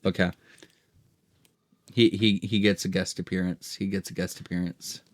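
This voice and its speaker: A man's voice: deep voice, little pitch movement, moderate pace. A man co-hosting a casual podcast. He talks in a goofy way, stammers and repeats his words. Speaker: podcast co-host.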